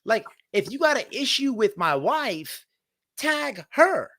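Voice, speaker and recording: A man hosts a heated livestream, ranting and profane, swinging between loud outbursts and low mutters. His voice is very animated and slow.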